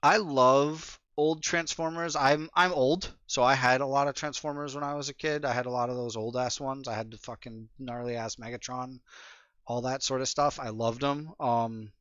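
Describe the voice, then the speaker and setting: A middle-aged man co-hosting a podcast, talking loosely and easily, with plenty of swearing and laughter. His voice sits at an ordinary pitch, recorded close and dry. The sound is a little dull, with a muffled top end. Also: fairly even intonation, normal speed, fairly bright tone, clear, resonant tone, no echo. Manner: laid-back, swears a lot, laughs often. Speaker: podcast co-host. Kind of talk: casual chat.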